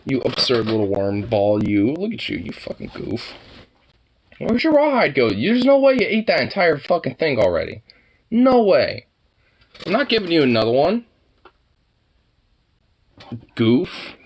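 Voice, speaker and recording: A man talking to his dog on camera in teasing baby talk, laughing and swearing, dropping to low mutters and jumping up to high squeals. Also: sing-song, moderate pace, slight background noise. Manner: laughs often, swears casually. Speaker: dog owner filming his husky. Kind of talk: casual talk to a pet on camera.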